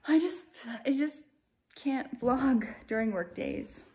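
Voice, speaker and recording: A woman's voice: sits high, animated, slow, a little mellow. A middle-aged woman vlogging casually from her home kitchen, chatting to her viewers and her pets with self-mocking humor. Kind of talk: casual vlog chat.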